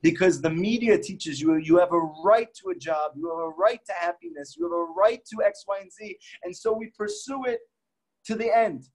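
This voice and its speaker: A man's voice: high-pitched, normal speed, a little mellow. A man, a rabbi, giving an earnest and emphatic Torah teaching talk that drives home each point by repeating it.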